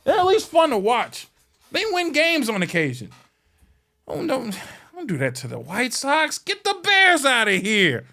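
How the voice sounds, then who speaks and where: Male podcast host from Chicago, fast-swinging profane rant, high animated voice. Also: creaky, faint music behind. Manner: profane, blunt, heckling; big swings between muttering and shouting. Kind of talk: ranting casual monologue.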